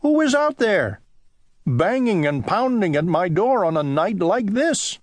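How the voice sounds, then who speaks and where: A fussy, kindly little owl chirps his lines in a high, lively, sing-song voice, as a male narrator puts him on. The sound is dry and close, with no room around it. He reads like a character from a children's storybook. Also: a little slow, no echo, heavily acted. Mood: fretful.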